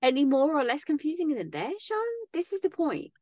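A woman's voice: sits high, big pitch swings, a little fast, darkish tone, no room sound, studio quality. A woman co-hosting a podcast in casual chat, sarcastic and chatty, tripping over words now and then. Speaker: podcast co-host.

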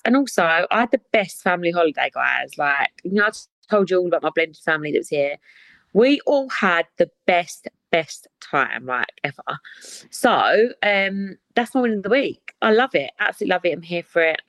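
Chatty woman, lowish dry voice. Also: a bit bright, no echo. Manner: chatty, giggly, dramatic reactions. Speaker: podcast host. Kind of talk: casual chat.

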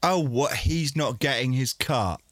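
A man's voice: medium pitch, unhurried, a bit bright, dry recording, clean studio sound. A man co-hosting a podcast, laid-back and chiming in with jokes. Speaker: podcast co-host. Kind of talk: casual chat.

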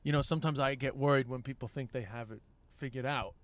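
A man's voice: mid-range voice, fairly even intonation, fast talker, dry recording. A man hosting a casual conversation who asks thoughtful, probing questions. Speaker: host.

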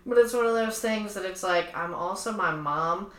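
A woman's voice: medium pitch, normal speed, fairly bright tone, reverberant. A woman hosting a podcast as a comedian, chatting casually in a sarcastic, rambling, self-mocking way.

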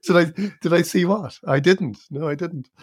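A middle-aged Irish man co-hosting a chat podcast, relaxed and meandering with plenty of fillers. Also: fairly high pitch, normal speed, slightly rough, no room sound, clean studio sound. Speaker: podcast co-host. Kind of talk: casual chat.

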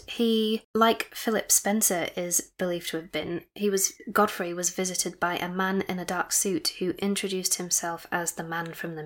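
A woman co-hosting a podcast, retelling a case in a chatty, teasing way. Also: on the low side. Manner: chatty, teasing, recommends and asks questions. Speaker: podcast co-host. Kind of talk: casual chat, retelling a case.

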